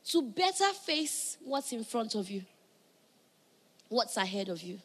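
A woman preaching a sermon, moving between loud emphatic calls and soft, hushed passages. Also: fairly high pitch, big pitch swings, measured pace, pauses often.

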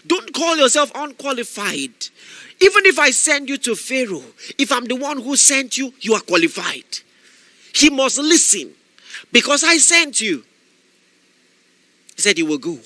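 A male pastor delivers an impassioned sermon. His voice sits high and rings with a hard, cutting edge, and it is caught close and dry with no room around it. He drops to quiet asides, then rises to shouted exhortation. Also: big pitch swings, a little slow, pauses often, no echo.

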